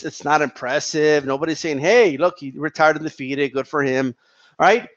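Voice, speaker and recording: This ranting vlog features a man whose voice sits high, captured in a muffled recording. He fires off heated, profane takes on boxing, breaking off and restarting his sentences as he goes.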